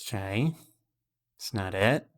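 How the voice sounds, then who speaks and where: Slow, wry male game streamer. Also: fairly low pitch, animated, a little hiss or hum. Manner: sarcastic, joking, talks to chat. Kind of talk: casual game commentary.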